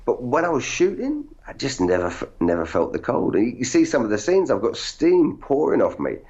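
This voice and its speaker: A man, an actor guest, telling animated, self-deprecating stories in casual interview chat. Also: medium pitch, fairly quick. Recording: dull lo-fi audio.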